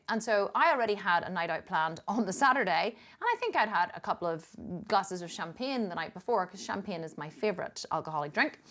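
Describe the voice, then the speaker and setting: A middle-aged fitness coach from Northern Ireland tells a story vlog-style in her Northern Irish accent, chatty and emphatic, often restarting and laughing. Her voice is fairly low with a fairly bright tone.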